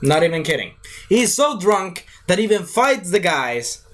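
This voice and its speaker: A man's voice: sits high, very animated, normal speed, fairly bright tone. A man casually reviewing a show, rambling and joking as he retells scenes.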